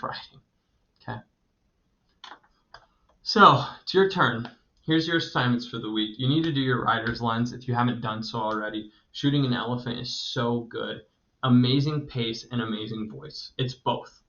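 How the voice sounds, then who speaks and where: A man in his thirties gives a recorded creative writing lecture. He sounds eager and chatty, often breaking into laughter. His voice sits at a middle pitch, and the recording is dull and lo-fi. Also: a bit bright. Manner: enthusiastic, conversational, laughs often.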